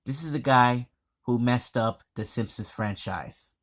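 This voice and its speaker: A man with a mid-range voice records an indignant vlog commentary, stumbling and halting as he reads text aloud.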